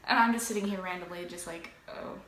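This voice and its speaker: A woman's voice: lowish voice, fast talker, roomy sound, slight background noise. A young woman from Louisiana casually telling a dating story, acting out quotes as she goes. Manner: chatty, animated retelling with acted quotes. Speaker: vlogger.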